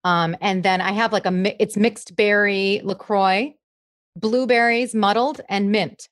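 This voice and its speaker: A woman's voice: mid-range voice, steady tone, measured pace, no echo, clean studio sound. A woman comedian chatting as a guest, bubbly as she tells a story. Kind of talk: casual chat.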